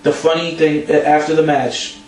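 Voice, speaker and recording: A young man co-hosting a casual wrestling recap, an animated storyteller who acts out quotes. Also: on the high side, moderate pace. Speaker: podcast co-host. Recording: echoey room, distant mic, faint hum.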